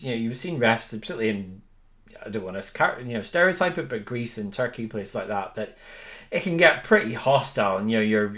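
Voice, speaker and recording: A man's voice: mid-range voice, a bit bright. A man interviewing a guest, asking long questions with hesitations and restarts.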